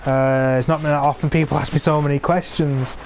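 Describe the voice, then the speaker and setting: Streaming a tank game, a man from England in his twenties commentates live in a slightly high, flat, slightly mellow voice, talking a little fast. He grumbles sarcastically about his teammates, and his cheap gaming mic picks up a little hiss or hum.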